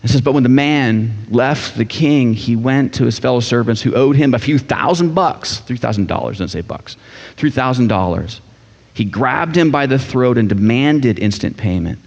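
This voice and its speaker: A man's voice: mid-range voice, lively intonation, normal speed, gravelly, darkish tone. Male pastor, casual and jokey, slightly muffled, long hall reverb. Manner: casual, joking preacher voicing characters. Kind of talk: sermon. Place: church sanctuary. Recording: dull sound with long church reverb.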